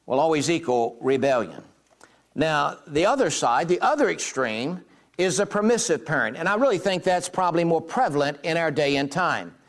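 A middle-aged man with a drawl delivers a sermon in a folksy, storytelling way. His voice sits a little high for a man, and he slips into the voices of the people in his examples. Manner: folksy storytelling, acts out quoted dialogue. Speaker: pastor.

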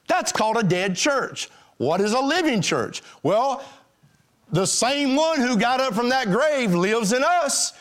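A man's voice: very high-pitched, fairly bright tone. A man preaching a sermon as pastor, calling out questions to his congregation. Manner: emphatic preaching, calls out to the congregation.

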